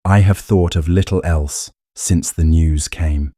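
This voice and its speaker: A man's voice: sits low, fairly even intonation, unhurried, warm tone, dry recording, studio quality. A man voicing a genial, talkative country doctor speaking earnestly in an audiobook romance.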